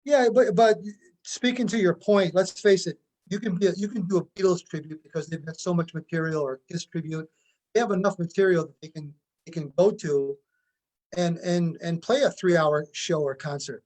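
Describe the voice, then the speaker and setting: High-voiced man explaining at length. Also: moderate pace, darkish tone. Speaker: tribute band musician. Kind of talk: casual interview chat.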